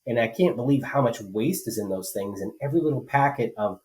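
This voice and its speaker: Man, podcast co-host, casual chat, rambling, lots of fillers, mid-pitched voice. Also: expressive, fairly quick, darkish tone, rough recording. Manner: rambling, conversational, with many fillers and restarts. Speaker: state legislator co-hosting a political podcast. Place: rural home.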